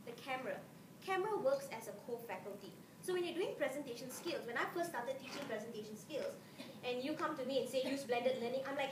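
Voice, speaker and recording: Woman lecturing in an echoey hall. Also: high-pitched. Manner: chatty, keeps checking in with the audience. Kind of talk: conference presentation. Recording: roomy, distant mic, noisy hall.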